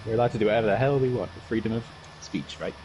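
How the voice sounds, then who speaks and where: A man co-hosting a casual gaming podcast, laid-back and quick to laugh. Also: fairly low pitch, muffled recording, background noise. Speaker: podcast co-host.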